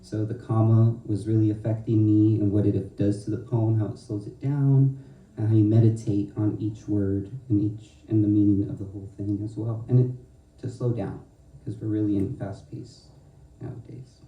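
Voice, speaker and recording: A young man, a student poet, reading his poems aloud in a slow, measured way with pauses, and chatting hesitantly between pieces. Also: lowish voice, steady tone, highs cut off. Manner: hesitant filler-heavy asides between poems. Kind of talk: poetry reading. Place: event hall with audience. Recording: roomy hall, mic far off.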